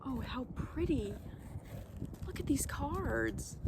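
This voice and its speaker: A woman vlogger unboxing tarot decks outdoors, gasping and halting, overwhelmed with delight. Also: high-pitched, lively intonation, heavy background noise. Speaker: vlogger opening tarot mail. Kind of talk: casual unboxing chat. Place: outdoors at a table on a windy day.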